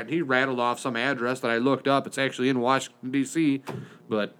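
A man co-hosting a podcast in a studio, telling a story with lively back-and-forth, acting out both sides of a phone call. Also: medium pitch, a little fast. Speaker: podcast co-host. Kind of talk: casual chat.

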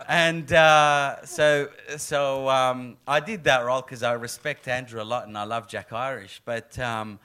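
Animated man telling stories. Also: mid-range voice, takes it slowly, noisy background. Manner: animated storyteller, acts out quoted lines, laughs often. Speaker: actor. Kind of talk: casual interview chat.

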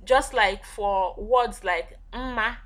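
A woman with an Igbo accent, a guest teacher, explaining words in a relaxed language lesson with fillers and restarts. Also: medium pitch, drawn-out words.

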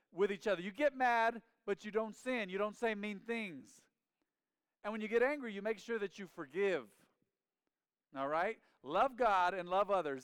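A man in his forties preaching in church, lively and inviting the congregation to call back. His voice is smooth and resonant, pitched slightly high for a man. The sound is dry and close. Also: no room sound. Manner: animated preacher, calls for congregation responses. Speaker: pastor. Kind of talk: sermon. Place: church sanctuary.

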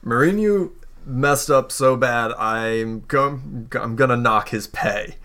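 Cynical soldier escort leader, blunt, teasing, tabletop game, voiced by a man, mid-pitched. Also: slow pace, bright, forceful tone.

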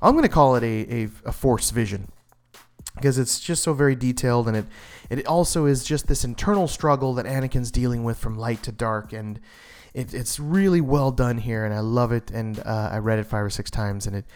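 A man's voice: mid-range voice, normal speed, a little mellow. A man giving a casual, enthusiastic comic book review, rambling with many fillers and restarts.

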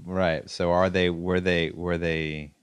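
A man's voice: low voice, little pitch movement, slow pace, clean tone, no room sound. A man in casual podcast chat, chiming in with short agreements and questions. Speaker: podcast guest.

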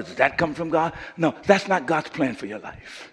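High, bright preaching pastor, husky edge. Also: male voice, very animated, a little fast, hardly any pauses, big-room sound. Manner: preaching with rising shouts and call-and-response. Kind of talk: sermon. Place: church sanctuary.

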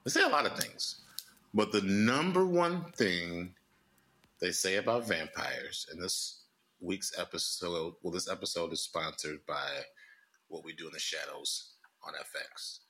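A man co-hosting a comedy podcast, joking and animated in casual chat. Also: low-pitched, a little slow. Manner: animated, joking, swings between voices. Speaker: podcast co-host.

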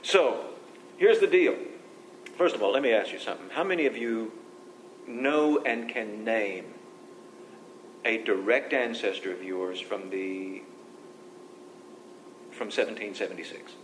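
In a fairly bright tone, a man leads a group Bible study a little slowly, leaving long pauses as he reads scripture aloud and explains it conversationally. The space echoes, and a faint low rumble can be heard.

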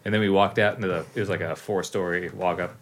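A man's voice: sits low, steady tone, quick pace, a little hiss or hum. A man casually telling a story among friends, loose and full of swearing. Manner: loose and profane, swears often.

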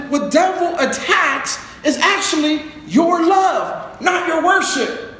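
In a very echoey room with faint noise, a man with a very high, slightly bright voice preaches a sermon in a conversational, joking style, asking the congregation to repeat words after him.

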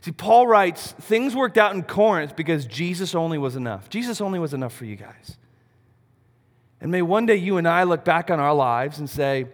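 A man preaching a sermon, animated, asking rhetorical questions and swinging between loud and soft. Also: on the high side, normal speed. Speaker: pastor. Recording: long reverb of a large hall.

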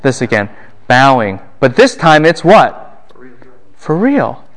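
A middle-aged man lectures a university class on a Bible passage at an ordinary pitch. He keeps asking the room questions and answering them himself. When he quotes someone, his voice jumps up and down in pitch and volume. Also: big pitch swings, slow pace, fairly bright tone.

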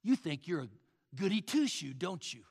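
A man's voice: sits high, big pitch swings, moderate pace, darkish tone, breathy edge, big-room sound, heavily acted. A preacher putting on a scornful male critic who taunts the listener. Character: sneering male critic and cynic.

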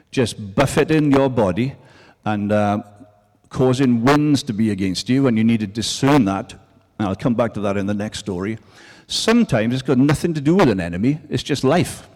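A man of middle pitch preaches to a congregation, talking in an easy, conversational way. He pushes his voice up to stress key phrases. His words ring out with the long reverb of a large hall. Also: a little mellow. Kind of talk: sermon.

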